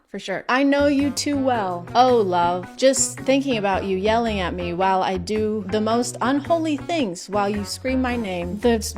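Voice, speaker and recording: Sarcastic woman reacting, music behind. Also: on the high side. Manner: sarcastic, exasperated, quick asides. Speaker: reaction video host. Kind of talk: casual reaction commentary.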